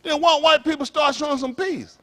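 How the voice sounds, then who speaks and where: Pitched very high, his voice holds a steady tone that's a bit bright, and he moves fairly quickly. The pastor preaches in a fiery street-talk style, peppering his flock with profane, blunt rhetorical questions between jokes.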